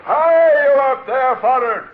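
An actor playing a loud, gruff British petty officer who bellows orders across a boat, in 1940s radio acting. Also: male voice, extremely high pitch, slow. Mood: shouting. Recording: tinny, echoey radio recording with crowd noise.

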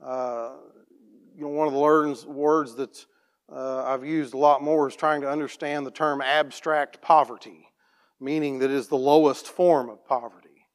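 A plain-spoken man tells a church testimony story as a farm operator, restarting his sentences and clearing his throat often. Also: medium pitch, fairly even intonation, moderate pace.

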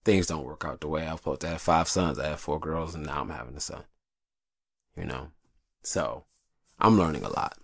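A man's voice: very deep voice, brisk, gravelly, long pauses, breathy edge, no room sound, clean studio sound. A man hosting a show, talking in a rambling, profane, confessional way from a hot upstairs room. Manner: profane, rambling, animated storyteller. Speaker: show host. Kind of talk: casual confessional monologue.

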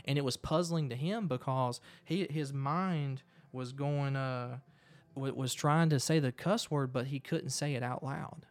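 A man telling a personal story as a guest, animated and quick. He stumbles over and repeats words as he rushes ahead. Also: medium pitch. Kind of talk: storytelling in conversation.

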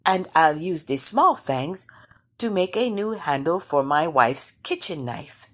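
Reading from a storybook, a woman voices a mischievous male rabbit trickster in a high, bold, teasing tone. Her intonation is lively, her pace a little slow, and the mood is scheming.

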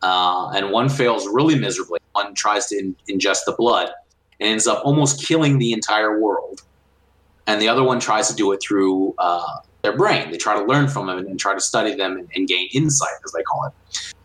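A man's voice: fairly low pitch, normal speed, a bit bright. A man co-hosting a casual gaming podcast, explaining enthusiastically with many restarts. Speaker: podcast co-host. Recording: roomy echo.

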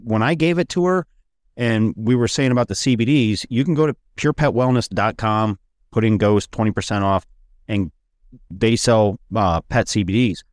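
A man's voice: lowish voice, moderate pace, a little mellow, no echo, studio quality. A man hosting a podcast, telling loose, profane stories in casual chat. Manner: rambling, profane storytelling. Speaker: podcast host.

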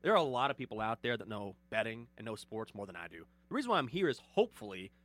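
A man's voice: lowish voice, very animated, fast talker, a bit bright, no echo. A man who hosts sports radio, explaining his views earnestly and point by point in a casual chat.

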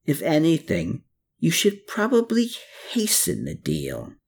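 A woman's voice: low-pitched, huge pitch swings, slow, gravelly, darkish tone, husky, pitched above the performer's own voice, heavily acted. A narrator voicing a shrewd, watchful woman in an audiobook, guarded and probing. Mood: coaxing. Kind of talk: audiobook character voice.

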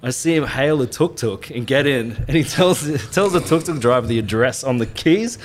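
A man's voice: mid-range voice, lively intonation, moderate pace, a little hiss or hum. A man co-hosting a podcast, telling rambling, sweary anecdotes and laughing often. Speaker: podcast co-host. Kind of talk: casual storytelling chat.

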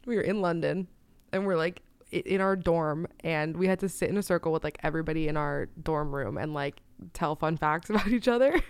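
A woman's voice: deep voice, a little fast, smooth, no echo. A woman in her twenties co-hosting a podcast, telling a story in casual chat and laughing through her words. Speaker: podcast co-host.

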